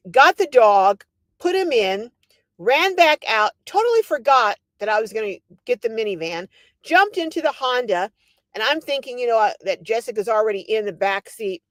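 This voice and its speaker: A woman's voice: medium pitch, dry recording. An older woman hosting a casual livestream, telling a story animatedly and reading out viewer comments. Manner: animated storytelling, laughing often. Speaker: livestream host.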